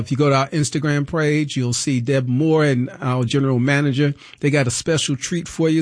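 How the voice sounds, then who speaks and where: A man's voice: on the high side, no room sound, clean studio sound. A man with a New York accent hosting a radio pledge drive, chatting in an upbeat way and repeating the call-in number. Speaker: radio host.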